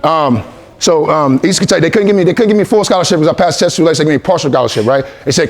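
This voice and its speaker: Fast-talking motivational speaker, man. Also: on the high side. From Columbus, Ohio. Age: 40s. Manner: call-and-response, repetitive, coaxing. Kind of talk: motivational talk to young athletes.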